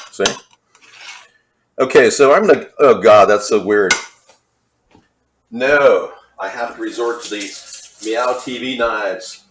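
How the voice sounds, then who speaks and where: A man's voice: on the low side, takes it slowly, pauses often, background noise. A man cooking in a home kitchen, rambling playfully with mock-posh asides as he demonstrates a recipe. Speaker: home cook vlogger.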